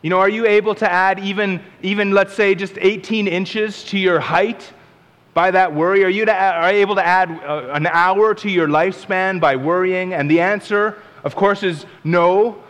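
A man's voice: high-pitched, steady tone, moderate pace, a bit bright, muffled recording. A man preaching a sermon in a conversational way, explaining scripture and acting out little asides. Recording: long reverb of a large hall.

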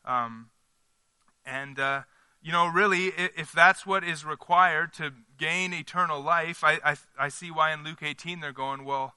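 Bright-voiced man leading a Bible study. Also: a little high, a little slow, clean tone, dry recording. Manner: questions the group, checks in with "right?". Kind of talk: conversational Bible teaching.

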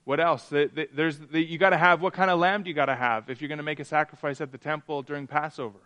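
A man teaching a Bible study, often stumbling and restarting, sometimes acting out quoted voices with rising excitement. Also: fairly high pitch. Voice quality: halting, repeats words and restarts often. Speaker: pastor.

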